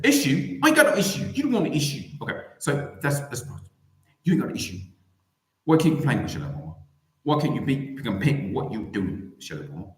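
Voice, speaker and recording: Male streamer, rambling mocking commentary, animated pitch swings, echoey room.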